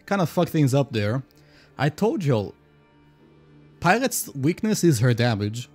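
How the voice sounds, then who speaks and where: A man streaming a game live, chatting casually with viewers, excitable and swearing freely. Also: mid-range voice, measured pace, pauses often, soft background music.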